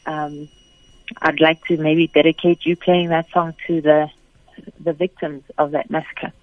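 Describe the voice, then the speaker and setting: A woman speaks in an earnest, reflective way, pausing often to choose her words. Her voice comes through a thin, phone-like line with no room sound. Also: deep voice, level tone, dry recording. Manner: thoughtful, hesitant, earnest. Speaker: guest musician. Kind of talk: reflective interview answers.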